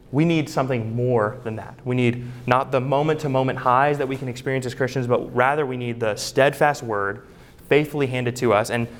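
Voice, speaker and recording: A man preaching from the pulpit in a mid-range voice. He speaks earnestly and stresses his points with rhetorical questions, keeping a steady teaching tone. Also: medium pitch. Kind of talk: sermon.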